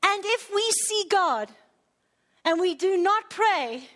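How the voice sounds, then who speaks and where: A middle-aged woman preaching a sermon, emotional and swinging between hushed, slow passages and urgent appeals. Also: very high-pitched, animated.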